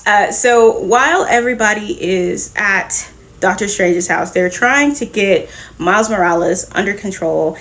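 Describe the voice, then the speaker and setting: Animated woman recapping a comic. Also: medium pitch. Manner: animated, profane storytelling with quick laughs. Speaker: comic book review host. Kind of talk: casual recap and reaction.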